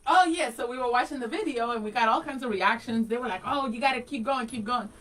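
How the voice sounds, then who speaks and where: A woman's voice: on the high side, fast talker, a bit bright, poor audio. A woman in her forties co-hosting a casual morning show, laughing often and reading listener comments aloud. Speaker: co-host.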